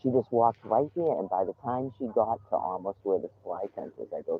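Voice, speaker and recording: A man's voice: fairly low pitch, expressive, fairly quick, slight background noise. A man live-streaming from a campsite outdoors, talking casually and ranting with indignation and swearing freely. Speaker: livestreamer. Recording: tinny phone-like live stream.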